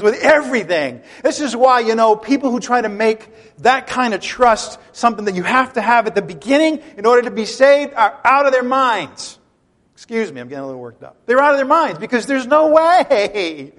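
A pastor preaching a sermon in an animated, emphatic way, mixing conversational asides with his teaching. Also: very high-pitched, in a large hall.

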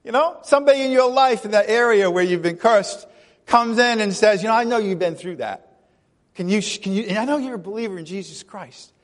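A man with a high, light voice preaches a casual, chatty sermon, often laughing and acting out little quoted lines. His voice rings with the long reverb of a big hall. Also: expressive, brisk. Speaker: pastor.

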